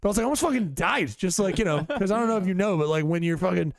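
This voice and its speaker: A man's voice: high voice, lively intonation, racing, gravelly, dry recording. A man co-hosting a podcast, telling stories in a rambling, profane way with many fillers. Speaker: podcast co-host. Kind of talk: casual podcast chat. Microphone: studio podcast mic.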